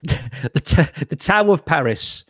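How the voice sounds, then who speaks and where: A man's voice: fairly high pitch, expressive, slow pace, fairly bright tone, breathy edge, dry recording, studio quality. A man co-hosting a casual live-stream chat, joking, swearing freely and laughing often. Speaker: co-host.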